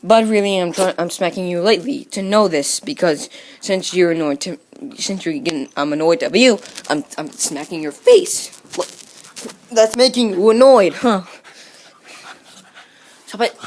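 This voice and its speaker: A woman's voice: fairly low pitch, a little slow, a little mellow. A woman talking casually to her pet dog in a home video, teasing and scolding it over and over, with playful growls. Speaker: dog owner.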